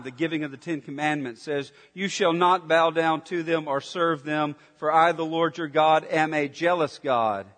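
High-voiced preacher in a reverberant hall. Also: male voice. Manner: emphatic, swings between intense near-whispers and forceful declarations. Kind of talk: sermon.

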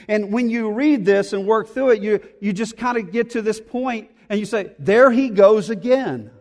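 A man's voice: high-pitched, a little mellow, big-room sound. A man preaching an expository sermon in a church, earnest and repeating words as he thinks aloud. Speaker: pastor.

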